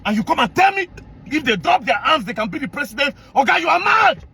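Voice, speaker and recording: Fiery Nigerian man ranting, high and lively. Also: fast talker, breathy edge. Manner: animated, indignant, repeats phrases, bursts into shouting. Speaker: commentary vlog host. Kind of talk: heated commentary rant.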